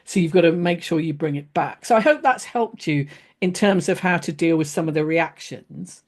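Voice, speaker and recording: A woman teaching a casual lesson on leadership, chatty, with many fillers and restarts, acting out sample phrases in a gentler voice. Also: on the low side, normal speed. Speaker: leadership trainer.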